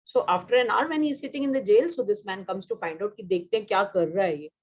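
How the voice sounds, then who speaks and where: A woman's voice: mid-range voice, darkish tone, lo-fi sound. A woman with an Indian English accent teaching a vocabulary class, drilling synonyms, praising students and slipping into Hindi. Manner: switches into Hindi mid-sentence, drills words, quick praise.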